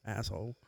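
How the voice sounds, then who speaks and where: A man's voice: medium pitch, creaky, dark tone, husky, no room sound. A young man casually telling a profane story on a podcast, laughing often, close to the mic. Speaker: podcast co-host.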